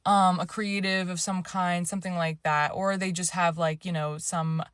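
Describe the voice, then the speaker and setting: A young adult woman giving a casual, rambling tarot reading, full of fillers and self-corrections, sometimes trailing into a hushed near-whisper while searching for words. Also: on the low side, little pitch movement, moderate pace, smooth, dry recording, clean studio sound. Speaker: tarot reader. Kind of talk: casual intuitive reading to camera.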